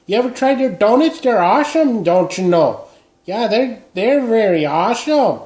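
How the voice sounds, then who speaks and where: A man's voice: high voice, big pitch swings, moderate pace, a little mellow. A man playing a middle-aged Minnesotan who rambles while drinking beer, speaking with a Minnesota accent. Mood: chatty. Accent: Upper Midwest (Minnesota). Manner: rambling, meandering, trails off. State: tipsy from beer. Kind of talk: comedy character vlog. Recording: echoey room.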